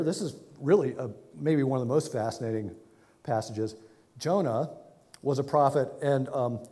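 A man preaching a sermon in a relaxed, conversational way, sometimes acting out the figures in his story with a raised voice. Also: medium pitch. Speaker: pastor. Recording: long hall reverb.

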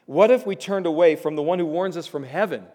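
A man preaching a sermon in a conversational way, slipping in quick asides and building to emphatic warnings. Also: fairly high pitch, warm tone. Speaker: pastor.

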